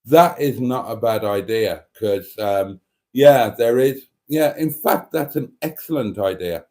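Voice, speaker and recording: Rambling, lively middle-aged man. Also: medium pitch, unhurried. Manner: chatty, rambling, jokey, with many fillers. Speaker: livestream host. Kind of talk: casual livestream chat reading comments.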